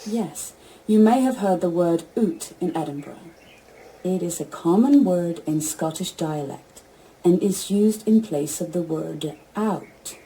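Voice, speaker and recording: A synthetic female voice of an AI assistant giving even, stilted spoken replies. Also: fairly low pitch, measured pace, low-quality recording. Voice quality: even, stilted text-to-speech delivery.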